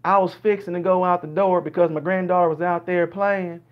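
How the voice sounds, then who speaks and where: A man's voice: high-pitched, little pitch movement, rapid-fire, creaky, voice pushed up. A man voicing a chatty, long-winded Southern grandmother who drifts off topic, on dull lo-fi stream audio. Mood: rambling. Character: chatty rambling Southern grandmother, older woman.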